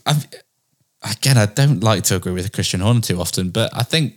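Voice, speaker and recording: A man co-hosting a casual podcast chat, dry and quick with short quips. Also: on the low side, expressive. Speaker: podcast co-host.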